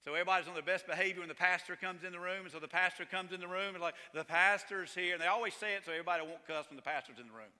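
A pastor preaches with emphatic conviction, pushing into forceful, driving stretches. His voice sits high for a man and rings very bright and cutting. Long reverb trails behind his words in the sanctuary. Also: rapid-fire, hardly any pauses. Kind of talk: sermon.

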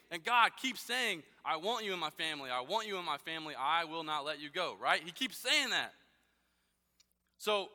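Bright high-voiced male preacher, reverberant hall. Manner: conversational, rhetorical questions, frequent "right?". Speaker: guest speaker. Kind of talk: sermon.

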